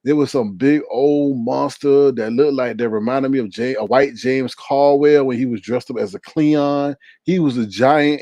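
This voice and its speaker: A man hosting a casual livestream, retelling a story with lots of laughter and acting out the scenes in high voices. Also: mellow, no echo. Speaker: livestream host reading viewer comments.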